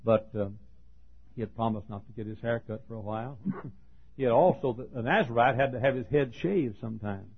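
A man's voice: mid-range voice, fairly quick, breathy edge. A man preaching a sermon in a folksy, joking storytelling manner, chuckling and coughing as he goes. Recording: tinny phone-like sermon tape.

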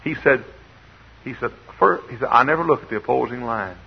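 An older man preaching a sermon, swinging from quiet asides to shouted exhortation, on an old recording. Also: medium pitch, a little fast, creaky, highs cut off, a little hiss or hum. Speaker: pastor.

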